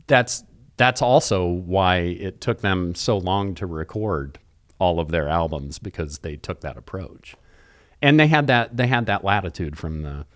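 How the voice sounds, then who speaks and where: A man's voice: sits low, no room sound, studio quality. A man co-hosting a podcast, chatting casually and thoughtfully about music, rambling with restarts. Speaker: podcast co-host.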